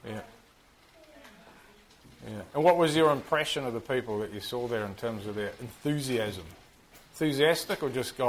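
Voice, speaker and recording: A man's voice: medium pitch, moderate pace, long pauses, slight background noise, rough recording. Chatty New Zealand man quizzing a class. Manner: chatty, self-deprecating, asks the group questions. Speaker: Bible class teacher.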